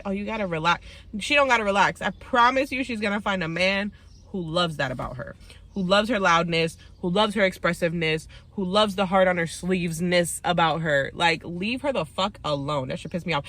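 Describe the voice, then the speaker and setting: A woman with a bright, sharp-edged voice runs through a reality-show recap in a casual, fired-up way. She swears freely, speaks bluntly and slips into quick impressions of the cast as she tells the story. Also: mid-range voice. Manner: blunt, profane, heated and opinionated; acts out quotes of the cast mid-story. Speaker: TV recap host.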